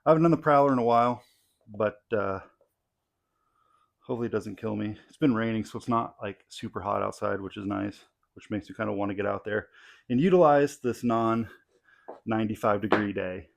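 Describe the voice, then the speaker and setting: His lowish voice has vocal fry and runs at normal speed as the young athlete vlogs his training from his home garage gym. Captured on a clip-on mic, he sounds tired and out of breath between sets, relaxed and rambling with frequent fillers.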